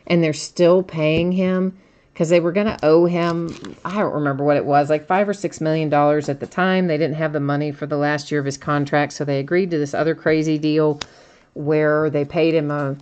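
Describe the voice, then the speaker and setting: Chatty low-voiced woman hosting a card break. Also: darkish tone. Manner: chatty, laughs often, reads out cards and chat. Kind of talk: live stream card break commentary.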